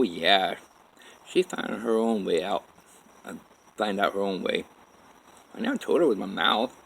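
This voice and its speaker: A man's voice: fairly low pitch, vocal fry, a bit bright, a little hiss or hum, rough recording. A man telling a personal story in a rambling, profane way, full of restarts. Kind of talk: personal story told to camera.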